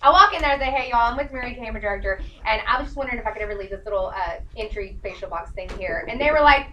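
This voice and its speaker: A bubbly woman speaks quickly in a bright, high-set voice. She is a sales director giving a lively talk to a group and acting out the conversations she has had. The mic is set some way off in a room with a faint background hum. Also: distant mic, rough recording. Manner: bubbly storyteller acting out dialogue.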